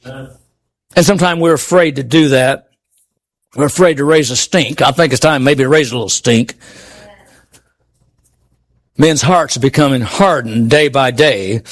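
A man with a high voice preaching a sermon to his congregation. He presses his points with rhetorical questions and swings from ringing high exclamations down to quiet, low murmurs. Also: measured pace, pauses often.

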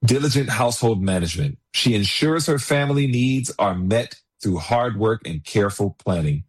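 A man's voice: fairly low pitch, lively intonation, moderate pace, slightly rough. A man preaching a sermon in an earnest way, reading passages aloud and then speaking freely with many "you know"s. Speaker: pastor.

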